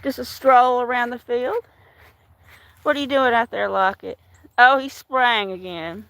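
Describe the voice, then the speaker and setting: A woman's voice: fairly high pitch, measured pace, gravelly, a bit bright, no echo. A woman chatting casually on a live stream, walking outdoors through her yard and greeting viewers by name, laughing often. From Washington state. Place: outdoors in a storm-damaged yard.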